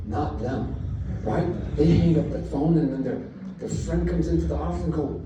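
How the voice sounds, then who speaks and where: A man on a convention panel telling blunt, animated stories to a live audience, sometimes acting out his own shouting. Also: a little high, fairly quick, crowd noise. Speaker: comics creator speaking on a convention panel. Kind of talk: anecdotal storytelling to a live audience. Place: large convention hall panel. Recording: echoey hall, distant from mic, faint noise.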